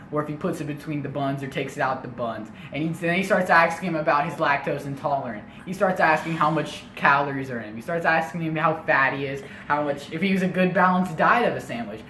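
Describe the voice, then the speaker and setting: A young man telling a comedic family story in an animated way, full of casual asides. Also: a little high, fairly quick, hardly any pauses, recorded from a distance. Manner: animated, lots of filler asides. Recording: echoey room, faint noise.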